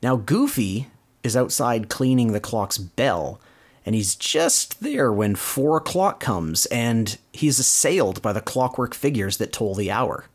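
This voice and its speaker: A man's voice: mid-range voice, expressive, unhurried. A man hosting a podcast, casually recounting cartoon plots in detail. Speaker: podcast host. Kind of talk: casual cartoon recap chat.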